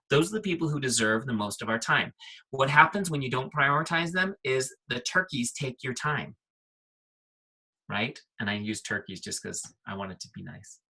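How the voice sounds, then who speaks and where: A middle-aged man with a bright, forceful tone and a slightly husky edge, leading a software walkthrough on a team call. He talks in short, punchy bursts and keeps checking in with his listeners. His pitch sits at an ordinary middle for a man. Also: low-quality recording. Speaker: guest trainer.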